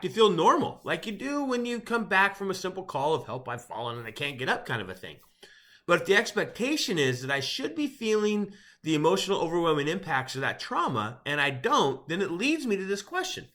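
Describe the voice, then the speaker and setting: A man's voice: fairly high pitch, sharp tone. Middle-aged chaplain guy, wry and chatty, voice bounces around a lot. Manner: conversational, wry, chuckles at his own jokes. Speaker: chaplain speaking to first responders. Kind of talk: motivational talk to camera.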